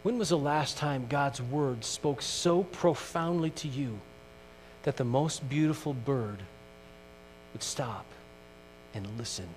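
A middle-aged male pastor preaching a sermon, earnest, moving from loud emphasis to hushed questions. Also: mid-range voice, takes it slowly. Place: church sanctuary. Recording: distant mic in a reverberant church with mains hum.

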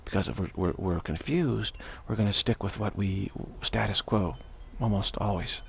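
Gravelly low-voiced man teaching spirituality. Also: normal speed. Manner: rambling and repetitive, with frequent restarts. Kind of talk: unscripted spiritual teaching monologue.

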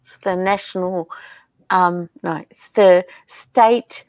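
Woman, slow easygoing talk, dry close sound, reads out viewer comments, laughs a lot. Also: on the low side, fairly even intonation, a little mellow, dry recording. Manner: unhurried, chatty, laughs often. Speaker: livestream crafting host. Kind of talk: casual chat reading viewer comments aloud.

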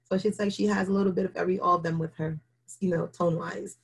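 A woman's voice: on the low side, steady tone, fast talker, gravelly, slightly rough. A woman talking candidly as an interview guest, telling her story with animation and acting out her own past words.

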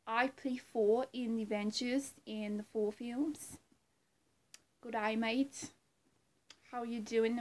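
A woman doing an impression of a cheery male film star with a put-on Australian accent and rambling slang. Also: on the high side. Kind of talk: comedic impression.

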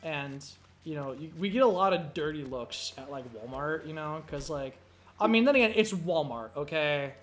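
A man's voice: fairly high pitch, moderate pace, few pauses, fairly bright tone, slight background noise. Rambling, profane young man telling stories. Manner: rambling, profane, full of fillers. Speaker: gameplay commentary host. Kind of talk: casual storytelling chat. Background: faint game music.

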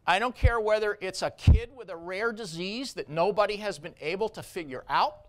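A man's voice: high-pitched, normal speed. A man who is a surgeon giving a conference keynote speech, blunt and emphatic, driving points home with short repeated phrases.

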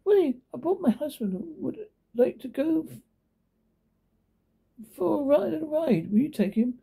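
A man's voice: very high voice, big pitch swings, measured pace, creaky, mellow, pitched above the performer's own voice, heavily acted. A man reading a storybook, voicing a scheming rich woman who gives clipped, coolly commanding orders.

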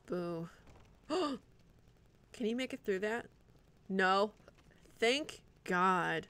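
A woman streaming live gameplay, swearing and reacting out loud to the game and chatting with viewers. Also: mid-range voice, expressive, very slow, pauses often. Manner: profane, reactive, talks to the game and chat.

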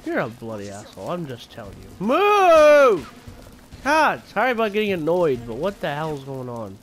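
A man's voice: medium pitch, sing-song, fast talker. A man giving gameplay commentary, frustrated and swearing often. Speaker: gamer. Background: game music and gunfire.

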